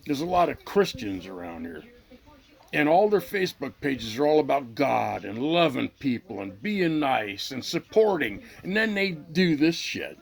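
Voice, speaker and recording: Brief: middle-aged male vlog host, gravelly voice, angry and profane, talking off the cuff. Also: a little high, sing-song, a little slow. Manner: profane, heated, repeats himself. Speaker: channel host. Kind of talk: angry unscripted rant to camera.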